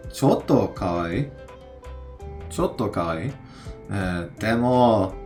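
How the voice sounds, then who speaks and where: A man in his thirties casually narrating a learning game, halting with many fillers as he sounds out vocabulary. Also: medium pitch. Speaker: streamer learning Japanese.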